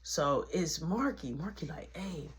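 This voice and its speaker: A woman's voice: on the low side, normal speed, slight background noise. A woman telling a casual story in slangy talk, acting out the people in it. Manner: animated, slangy, acts out every voice.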